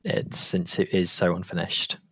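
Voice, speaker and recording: A man calmly explaining his plans in an online staff meeting, low-key and matter-of-fact. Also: normal speed, creaky. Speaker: staff member proposing a rail extension. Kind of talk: casual meeting discussion.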